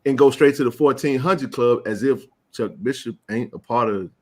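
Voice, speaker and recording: A man hosting a live sports chat, ranting with passion and rising to shouts. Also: medium pitch, moderate pace. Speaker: sports talk show host.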